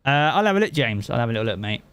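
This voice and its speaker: A man's voice: medium pitch, very animated, very fast, a bit bright. A man from England with a Southern English accent, a game streamer chatting casually with his live chat and swearing freely.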